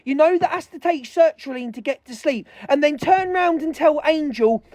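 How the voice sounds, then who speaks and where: A woman's voice: sits high, moderate pace, hardly any pauses, darkish tone, dry recording. A woman streaming live, furiously ranting with heavy swearing and calling out other creators. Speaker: livestreamer. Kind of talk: angry livestream rant.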